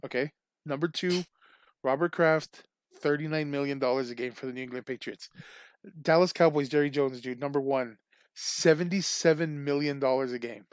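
A man co-hosting a casual chat, telling stories in a loose, animated way with plenty of swearing and laughter. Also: fairly high pitch, moderate pace, clean tone, no room sound.

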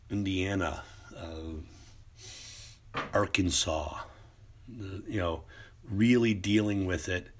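A man's voice: deep voice, fairly bright tone. A man ranting in a casual, profane monologue, rambling with many restarts.

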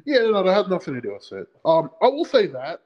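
A man's voice: high voice, wildly swooping pitch, fairly quick, muffled recording. A man co-hosting a podcast in casual chat, rambling with many fillers and restarts. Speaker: podcast co-host.

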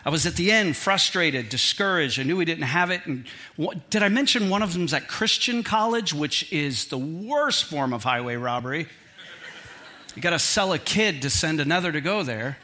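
A middle-aged man preaching from the pulpit in a bright, forceful voice that sits a little high. He tells his story in an animated way, pokes fun at himself and keeps the tone humorous. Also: moderate pace. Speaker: pastor. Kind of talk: sermon with personal storytelling.

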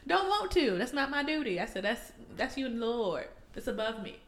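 A woman co-hosting a casual chat, telling a profane, animated story and acting out the people in it. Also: fairly high pitch, fairly quick, roomy sound. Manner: animated, profane, acts out people in her stories.

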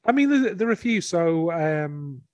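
Man with a slightly high voice, stammery, careful co-host, dry close recording. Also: big pitch swings, normal speed, no echo, highs cut off. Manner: hesitant, repeats words, defends his points. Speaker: podcast co-host. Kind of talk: casual chat reviewing an album.

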